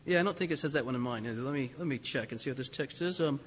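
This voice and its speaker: A man's voice: medium pitch, quick pace, a little hiss or hum. A man preaching a sermon in a conversational way, often correcting himself and asking the congregation rhetorical questions. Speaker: pastor. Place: church sanctuary. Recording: long hall reverb.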